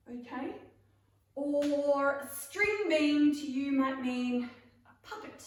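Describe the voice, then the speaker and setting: A woman drama teacher running an online class for children, playful and calling out cues with bursts of excitement. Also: high voice, takes it slowly. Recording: echoey room, mic far off.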